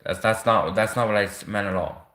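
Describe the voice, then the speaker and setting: Man, casual rambling livestream talk, bright tone, roomy echo. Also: on the low side, fairly quick. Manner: rambling, heavy on fillers and restarts. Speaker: livestream host.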